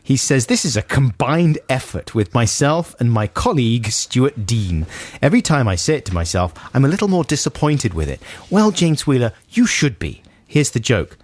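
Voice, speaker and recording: A man's voice: medium pitch, very animated, normal speed, hardly any pauses, no echo. A man co-hosting a radio show who teases and mock-scolds listeners while reading their jokes. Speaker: radio co-host. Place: radio studio.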